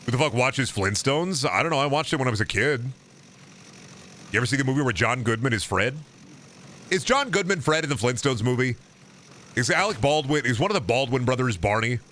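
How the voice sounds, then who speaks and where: A man's voice: on the low side, bright, forceful tone. A man streaming a video game, rambling and joking in a profane, goofy way. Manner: goofy, profane, slips into silly character voices. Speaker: gaming streamer. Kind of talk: rambling comedic let's-play chat.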